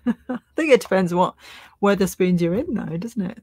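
A woman's voice: mid-range voice, expressive, a little slow, a little mellow, slightly rough, no echo. A woman co-hosting a livestream, reading viewer comments with dry, teasing asides. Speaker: co-host reading live chat. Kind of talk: casual chat.

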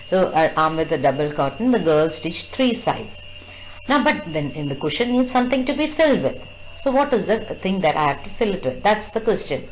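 A woman teacher walks students through a story, reading a line and then explaining it in her own words. Her voice sits fairly low for a woman, and she stops now and then to ask the class questions. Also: sing-song, moderate pace, a little hiss or hum, low-quality recording.

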